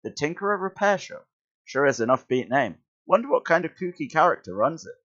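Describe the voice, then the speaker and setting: A man's voice: fairly high pitch, big pitch swings, fairly quick, a bit bright, voice pushed up. A man voicing an eager, earnest young male student hero while reading a comic aloud, in a somewhat muffled recording.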